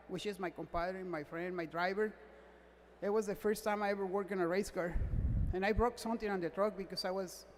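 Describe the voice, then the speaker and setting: A man, a race car mechanic, gives a halting, emotional acceptance speech at an awards gala, close to tears and often repeating himself in non-native English. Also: sits high, slight background noise. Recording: echoey hall reverb.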